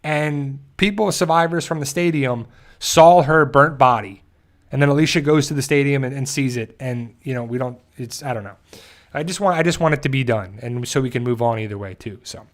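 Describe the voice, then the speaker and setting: A man hosting a channel, casually recapping an episode in a rambling way and briefly acting out the characters' lines. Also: medium pitch. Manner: rambling, with frequent restarts and quick acted-out quotes. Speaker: show host.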